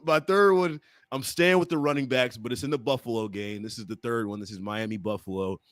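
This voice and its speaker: A man's voice: mid-range voice, no echo. Teasing male sports podcast host, dry sound. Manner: playful, teasing, quick to laugh. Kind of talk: casual sports podcast chat.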